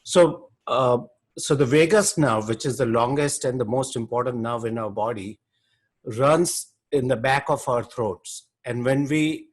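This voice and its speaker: A man's voice: mid-range voice, a little slow. Man explaining in a yoga workshop. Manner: explanatory, with small restarts. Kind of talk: explaining body effects in a workshop.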